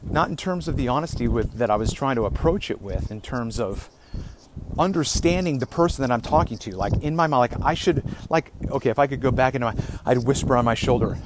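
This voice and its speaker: A man telling a story in a casual monologue, animated and exasperated. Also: on the high side, moderate pace. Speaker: podcaster. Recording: noisy home recording.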